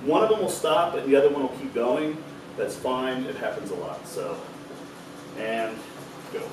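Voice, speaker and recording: A man's voice: mid-range voice, expressive, normal speed, background noise. A man talking casually through his stretching routine, loose and chatty and swearing at times, a little out of breath. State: slightly out of breath. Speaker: fitness vlogger. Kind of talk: casual instructional talk. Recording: echoey room, mic at a distance.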